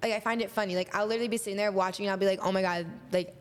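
A woman's voice: medium pitch, fairly even intonation, very fast, in a large hall. A young woman co-hosting a podcast, chatting casually, with lots of "like" and "literally" in her speech. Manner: chatty, heavy use of "like" and "literally". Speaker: podcast co-host. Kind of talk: casual chat.

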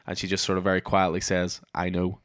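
A man's voice: sits low, completely flat delivery, fast, a bit bright, smooth, no echo, studio quality. A man, hosting a casual comics chat and eagerly recounting scenes in detail. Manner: enthusiastic, summarizes scenes in detail. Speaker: podcast host.

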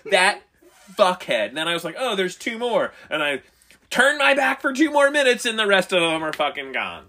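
A man's voice: sits high, very animated, fairly quick, pushed and bright. A middle-aged man telling stories in casual banter, swearing constantly and acting out his own reactions.

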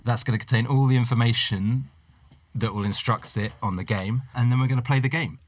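A man hosting a podcast in casual chat, brisk and explanatory with an amused edge. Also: medium pitch, dry recording. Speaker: podcast host.

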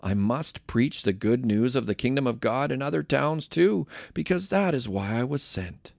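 A man voicing a calm, authoritative male teacher, speaking measured and low in a Bible reading. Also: creaky, no echo.

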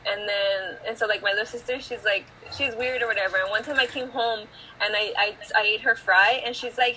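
Teen girl podcast host rambling super fast, bright voice, like like like. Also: on the high side, fairly even intonation, slight background noise, poor audio. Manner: rambling, filler-heavy storytelling full of "like". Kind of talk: casual chat, storytelling.

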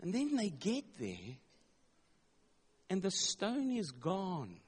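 High-voiced man preaching in a reverberant hall. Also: huge pitch swings, slow pace, slightly rough. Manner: emphatic, dramatic retelling with repeated words. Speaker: pastor. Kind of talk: sermon.

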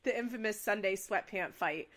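A woman's voice: mid-range voice, normal speed, a bit bright. A young woman co-hosting a podcast, chatting casually and acting out quoted lines with big voices. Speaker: podcast co-host. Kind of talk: casual chat recapping a reality show.

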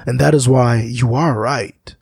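Man, musician guest. Gravelly, husky voice, dry close sound, slow and reflective. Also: mid-range voice, steady tone, a little mellow, no echo. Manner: slow, searching, philosophical, often restarts. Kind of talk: reflective conversation.

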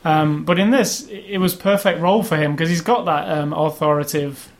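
A man co-hosting a casual movie review chat, rambling and opinionated, getting animated when he complains. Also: fairly high pitch, fairly quick. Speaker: podcast co-host.

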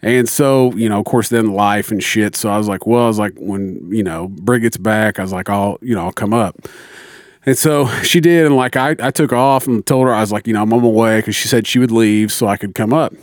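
A man's voice: fairly low pitch, brisk, dry recording, clean studio sound. A man in casual chat, telling a story with lots of swearing and quoted back-and-forth. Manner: profane, animated storytelling with quoted dialogue.

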